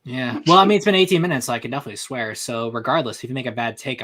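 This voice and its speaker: A man's voice: medium pitch, racing, over a noisy crowd. A man hosting a casual group podcast, joking, swearing and reading articles aloud. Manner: animated, jokey, swears freely. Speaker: podcast host.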